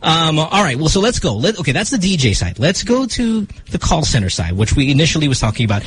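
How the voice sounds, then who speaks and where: A Filipino man with a Filipino accent hosting a casual radio talk show, animated, slipping Tagalog into his English and restarting his sentences. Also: on the high side, fast talker. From Philippines. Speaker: radio host.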